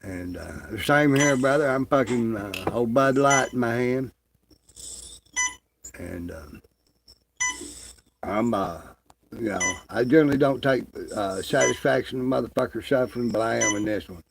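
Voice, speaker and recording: Dude ranting and cussing, gravelly voice, lots of uh's, mocking tone. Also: male voice, mid-range voice, normal speed, pauses often, background noise. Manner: crude, mocking, drawling with many fillers. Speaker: online commentator. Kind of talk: profane ranting commentary.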